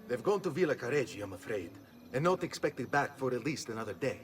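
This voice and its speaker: A man's voice: mid-range voice, sing-song, quick pace, slight background noise, close to an everyday voice. A man voicing a polite, formal household steward in a video game. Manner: courteous, apologetic.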